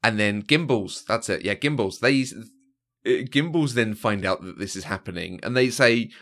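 This co-host's voice sits on the low side, fairly bright, with lively intonation and a moderate pace. He's chatting casually about a film on a podcast, stumbling through many fillers and laughing often.

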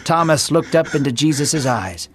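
A man's voice: on the high side, animated, normal speed, fairly bright tone. Man narrating a Bible story over music.

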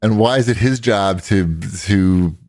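Low-voiced man, blunt podcast banter. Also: a little slow, darkish tone, no room sound, studio quality. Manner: blunt, dismissive. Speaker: podcast co-host. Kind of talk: casual chat.

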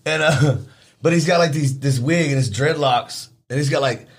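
A man, a rapper chatting casually on a podcast, animated and profane and quick to laugh. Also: a little high, husky. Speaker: rapper guest.

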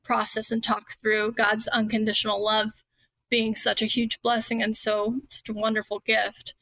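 A woman guest speaks in a slightly high voice that stays in a narrow band of pitch. She talks casually and chattily, with frequent fillers and self-corrections. The sound is close and dry. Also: completely flat delivery, moderate pace, fairly bright tone, dry recording. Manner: chatty, many fillers and restarts. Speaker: guest author. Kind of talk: casual podcast conversation.

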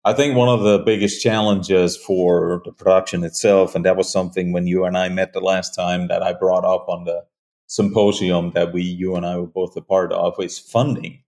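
A man being interviewed about his hunting show, speaking earnestly with frequent pauses and restarts. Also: low-pitched, little pitch movement, darkish tone. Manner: earnest, halting, many fillers and restarts. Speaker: hunting show creator, guest. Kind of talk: conversational interview.

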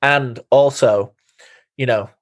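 A man's voice: mid-range voice, slow pace. A man from England, a band singer, telling tour stories in casual podcast chat and acting out the quotes he tells. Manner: animated storyteller who acts out quotes. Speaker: band vocalist.

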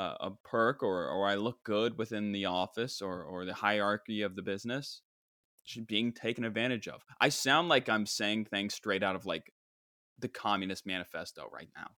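A man's voice: lowish voice, pushed and bright, no room sound, studio quality. A young man hosting a podcast, ranting in a wry, self-mocking way about work and customer service. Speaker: podcast host. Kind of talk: casual monologue.

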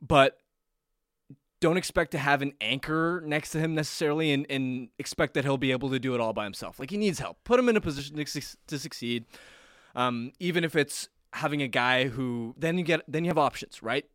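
A man co-hosting a sports talk show, self-deprecating and quick to laugh. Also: medium pitch, fairly bright tone, no room sound, studio quality. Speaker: sports radio co-host.

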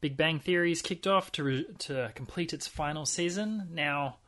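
A man's voice: on the high side, moderate pace, pushed and bright. A man co-hosting a podcast in casual chat, rambling and wry, with many fillers and restarts. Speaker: podcast co-host.

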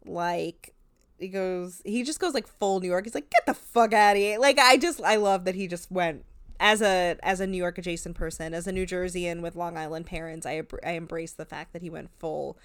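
A woman co-hosts a casual podcast, rambling with lots of "like" and easy laughter. Her voice is smooth and clear, recorded close and dry with no room sound. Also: lowish voice, fairly even intonation, normal speed, no echo. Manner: chatty, lots of "like", laughs often. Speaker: podcast co-host. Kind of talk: casual chat recapping a reality show.

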